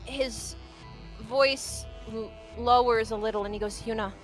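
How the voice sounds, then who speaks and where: A woman player describing her character's actions in a tabletop game, hesitant and full of pauses. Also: fairly high pitch, fairly even intonation, faint music behind. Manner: hesitant, many ums and restarts.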